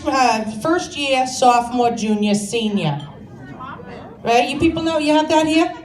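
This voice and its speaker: A brash woman doing stand-up, her voice pitched a bit high and full of self-mocking asides. She sounds distant and echoey on a live stage, with a big crowd laughing loudly around her. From Scituate, Massachusetts, USA. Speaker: stand-up comedian. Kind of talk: stand-up comedy set. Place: comedy venue stage with a live audience.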